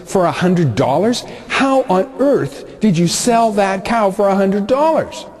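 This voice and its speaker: A man voicing a slow, gruff old male farmer in a told story. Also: high-pitched, lively intonation, a little mellow.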